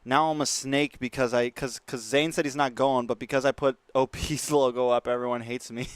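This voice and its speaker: A man's voice: mid-range voice, fairly even intonation, moderate pace, clean tone, no room sound. A young man livestreaming, chatting casually with his viewers and laughing often. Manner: laughs often, talks straight to chat. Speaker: livestreamer and esports caster.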